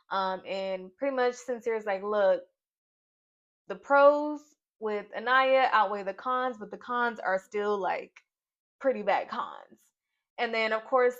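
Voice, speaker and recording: Sassy chatty woman recapping reality TV. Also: mid-range voice. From Nashville, Tennessee, US. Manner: sassy, chatty, playful asides. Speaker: YouTube reality TV reviewer. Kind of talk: casual recap vlog. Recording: dull lo-fi sound.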